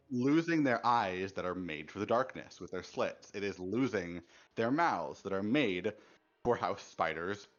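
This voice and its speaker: A man's voice: on the low side, muffled recording. A man co-hosting a casual gaming chat, talking in a thoughtful, analytical way. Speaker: co-host.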